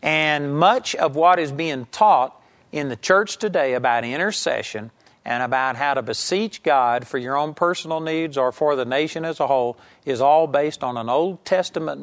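A man's voice: fairly high pitch, moderate pace. A man giving an earnest, conversational Bible teaching, talking straight to his listeners with emphatic asides. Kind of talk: teaching sermon.

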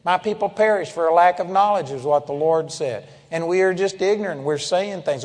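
A man preaching a sermon, emphatic, swinging between loud declarations and low, intense passages. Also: normal speed, hardly any pauses, long reverb tail.

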